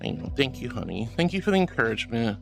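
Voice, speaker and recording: A woman's voice: extremely low pitch, very animated, quick pace, creaky, soft background music. A woman streamer chatting casually with viewers in a bubbly, giggly, affectionate way. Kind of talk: casual livestream chat.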